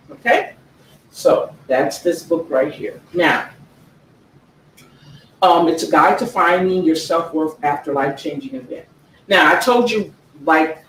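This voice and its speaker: Woman author, earnest book talk, slow emphatic read-aloud, distant mic with faint noise. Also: low-pitched, reverberant. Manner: earnest, slow emphatic reading, frequent "okay?" check-ins. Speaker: author presenting her own book.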